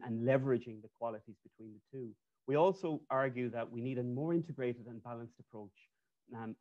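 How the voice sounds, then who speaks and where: A man's voice: medium pitch, darkish tone. A man, an architect, giving a loose, conversational webinar presentation over a video call, with frequent restarts and fillers. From Ireland. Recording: dull lo-fi call audio.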